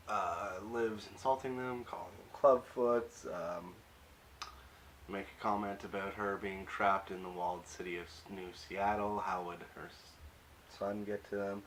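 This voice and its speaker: A man's voice: fairly low pitch, a bit bright, a little hiss or hum, poor audio. A young man recapping a TV episode in a casual, rambling way, full of fillers and wry offhand asides. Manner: rambling, hesitant, many fillers. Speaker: YouTube recap reviewer.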